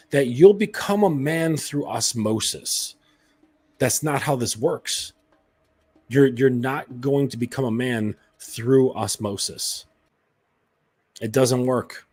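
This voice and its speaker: A man's voice: medium pitch, darkish tone, breathy edge. Blunt, profane male coach. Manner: blunt and profane, lots of fillers. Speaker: dating and self-improvement coach. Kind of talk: casual monologue.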